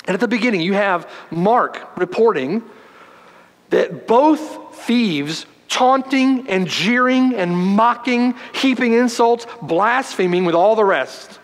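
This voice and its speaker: Male preacher, unhurried delivery, big swings between loud stress and hushed lines, long church reverb. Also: expressive. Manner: dramatic preaching, swinging from loud emphasis to hushed low tones. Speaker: pastor. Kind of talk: sermon. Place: church sanctuary.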